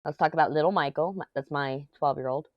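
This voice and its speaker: This middle-aged craft vlogger talks fast in a voice that sits low, rambling through family stories as she crafts at home in casual conversation. The audio is dull, with no room sound.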